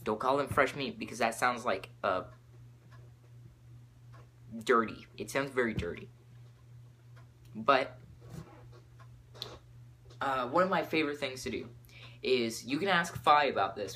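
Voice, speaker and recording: Teen male podcaster, excitable rambler, mid pitch. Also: a little slow, long pauses, a little hiss or hum. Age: teens. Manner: excitable, jumps topics, lots of fillers. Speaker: podcast host.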